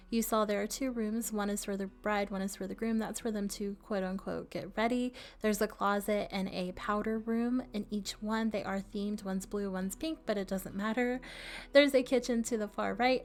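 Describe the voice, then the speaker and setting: Woman with the hiccups chatting thru a build voiceover, laughy, mid pitch. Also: a little mellow. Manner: chatty, laughs often, friendly asides. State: has the hiccups. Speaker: game builder narrating a build video. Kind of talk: casual voice-over narration.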